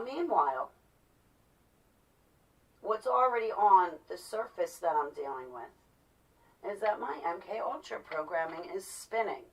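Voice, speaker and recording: A middle-aged woman giving an agitated personal monologue, swinging between loud outbursts and low, quiet stretches. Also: recorded from a distance, low-quality recording. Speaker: vlogger.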